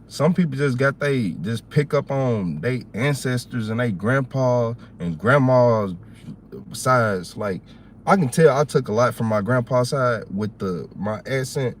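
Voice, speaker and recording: A man with a Southern US accent hosting a livestream, chatting casually in a rambling, animated, slangy way. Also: mid-range voice, slight background noise. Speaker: livestream host.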